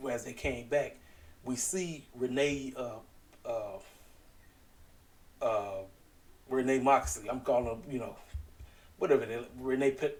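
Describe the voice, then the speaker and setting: A man giving a casual, animated recap at home, talking straight to his audience. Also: medium pitch, distant mic, poor audio. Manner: animated, talks straight to the audience, keeps calling out "ladies and gentlemen". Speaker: wrestling show reviewer.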